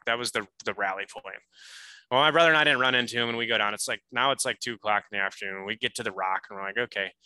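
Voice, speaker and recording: Guy chatting on a podcast, very bright punchy voice, lots of "like"s, dry close sound. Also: mid-range voice, no room sound, poor audio. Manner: animated, lots of "like" fillers. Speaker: podcast guest. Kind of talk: casual storytelling.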